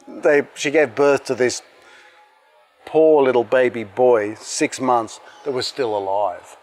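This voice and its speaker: A man telling stories of his past in a relaxed, conversational way. His voice sits at an ordinary middle pitch, and he grows animated as he acts out the voices of the people in his account. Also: moderate pace, slight background noise. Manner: animated, acts out dialogue in the retelling. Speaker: interviewee recounting past events. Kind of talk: casual storytelling.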